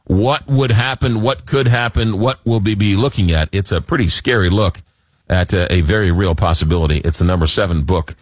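A man hosting a late-night radio talk show, animated and jokey, often repeating words as he gets going, on a studio microphone. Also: lowish voice, a little fast, no echo.

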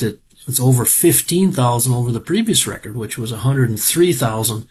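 A man's voice: medium pitch, a little hiss or hum. A middle-aged man from Minnesota, giving a casual, folksy, rambling report on farm equipment auctions and often wandering off on digressions. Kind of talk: casual spoken market report.

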